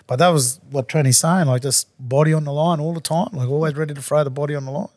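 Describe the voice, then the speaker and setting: A podcast host in full storytelling flow, animated and laughing as he goes. His voice sits a little high, and the sound is close and dry with no room around it. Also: quick pace, hardly any pauses, no room sound. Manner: animated yarn-spinner, laughs through stories. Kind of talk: casual storytelling chat.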